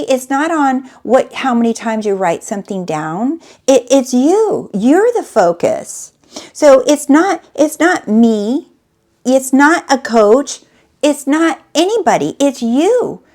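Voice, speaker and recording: A woman coach talking straight to her viewers in an emphatic monologue, repeating phrases and asking rhetorical questions. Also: on the high side. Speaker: manifestation coach.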